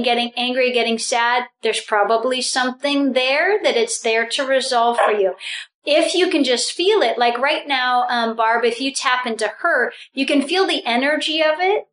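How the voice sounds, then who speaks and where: A woman leading a spiritual group session, talking with animated energy, laughing often and restarting her phrases. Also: high-pitched, rough recording.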